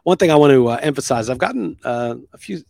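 Guy ranting on his own podcast, snarky and rambly, mid-pitched, super dry mic. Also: expressive, quick pace, vocal fry, a little mellow, no echo. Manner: opinionated, sarcastic rambling with frequent restarts. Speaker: podcast host. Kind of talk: solo podcast monologue.

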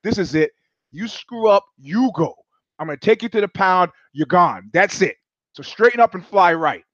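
A man's voice: sits high, animated, moderate pace, a bit bright, dry recording, dull audio. A man doing a desperate broke tenant. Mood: pleading. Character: desperate broke tenant pleading with his parrot.

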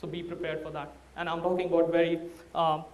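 A man's voice: on the high side, little pitch movement, quick pace, reverberant, recorded from a distance. A man with an Indian accent, a startup founder giving a candid, anecdote-filled talk to an audience. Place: large room before a live audience.

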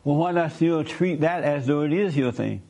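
Male interviewer, fairly high voice, blunt and insistent, lectures while he probes. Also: moderate pace, vocal fry, dark tone. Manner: blunt, keeps pressing with "why" questions and lecturing. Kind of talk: probing conversational interview.

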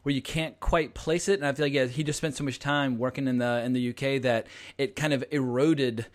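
A man's voice: mid-range voice, fairly even intonation, brisk. An American man hosting a casual podcast chat, enthusiastic, swearing casually and laughing often. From United States. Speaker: podcast host.

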